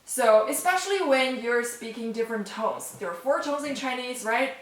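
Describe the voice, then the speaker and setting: A woman's voice: on the high side, expressive, moderate pace, distant mic. A woman teaching a casual online language lesson, friendly and chatty, often checking in with "okay?" and "right?". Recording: roomy, voice set back from the mic.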